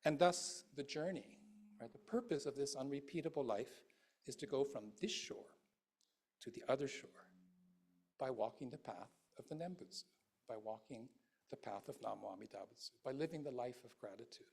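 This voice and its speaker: Male minister, husky voice, chatty dharma talk with fillers and asides. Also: mid-range voice, normal speed, a little mellow. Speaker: guest minister.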